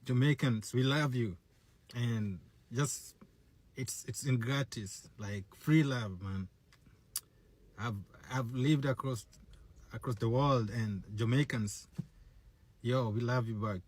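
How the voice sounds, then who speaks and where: A man from Africa giving a casual shout-out to camera. He speaks emphatically and repeats his phrases. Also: medium pitch, slow, pauses often, no room sound.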